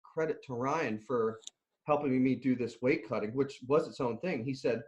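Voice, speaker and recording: Middle-aged man, chatty guest, animated storyteller, laughs and restarts a lot. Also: medium pitch, normal speed, muffled recording. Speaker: nutrition and strength coach, interview guest. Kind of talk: casual interview storytelling.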